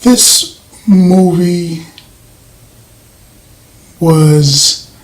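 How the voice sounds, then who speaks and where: A soft-spoken man giving a casual movie review, rambling with frequent fillers and restarts. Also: a little high, extremely slow, low-quality recording. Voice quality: voice does not carry, soft-spoken.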